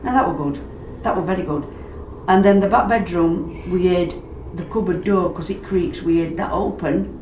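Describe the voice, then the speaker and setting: A woman's voice: on the low side, moderate pace, few pauses, dull audio. A woman telling stories casually and animatedly about strange happenings in a house, acting out what people said. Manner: animated, acts out quoted voices, dialect grammar. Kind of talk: casual storytelling. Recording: roomy, distant mic, background noise.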